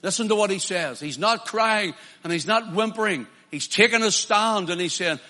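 A man's voice: high voice, moderate pace, hardly any pauses, sharp tone, big-room sound. A man preaching a sermon with impassion, building to emphatic declarations.

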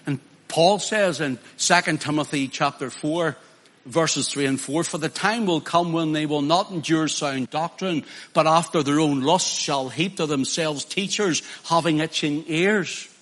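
A man's voice: fairly high pitch, a little slow, fairly bright tone. A man preaching a sermon in an emphatic way, acting out quoted voices with mocking asides.

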